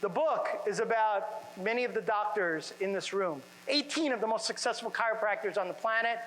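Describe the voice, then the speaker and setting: A man speaking to chiropractors at a seminar in a conference room, energetic and full of rhetorical questions to the audience. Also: sits high, moderate pace, big-room sound, a little hiss or hum, low-quality recording. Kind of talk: motivational seminar talk.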